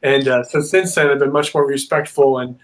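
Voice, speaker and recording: A man as a guest on a video-call interview, telling a story in a rambling, filler-heavy, animated way. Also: mid-range voice, a little fast. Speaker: paranormal investigator guest.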